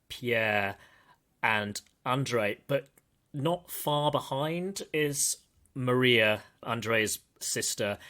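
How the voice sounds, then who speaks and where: A man's voice: medium pitch, fairly bright tone. A man hosting a podcast, discussing a film in casual, digressive chat and calling himself a pedant. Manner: thoughtful, digressive, self-described pedant. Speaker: podcast host.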